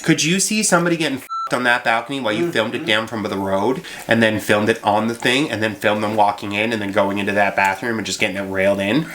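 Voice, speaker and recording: A man's voice: on the low side, fast talker, hardly any pauses, fairly bright tone, slight background noise. Brash, crude joking man with a Nova Scotian accent. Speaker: podcast co-host. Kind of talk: casual chat.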